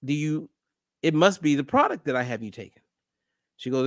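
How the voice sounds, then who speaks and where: A middle-aged male host with a voice on the high side speaks at a normal speed in a casual monologue, animatedly telling a story and acting out the dialogue. The recording is clean studio sound with no room sound.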